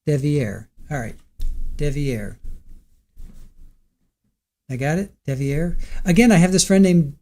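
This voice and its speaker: Male trial-stream host, casual and rambling, voice sitting a little high. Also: dark tone. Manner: rambling, repeats a name to practice it. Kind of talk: casual live-stream commentary.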